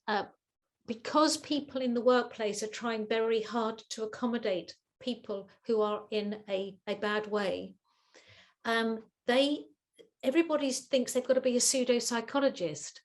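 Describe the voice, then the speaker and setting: Giving advice during a webinar Q&A, this fairly high-voiced woman answers questions as a guest expert over video call at a measured pace. Her delivery is animated and lively, with frequent repetition and impersonations of the people in her examples.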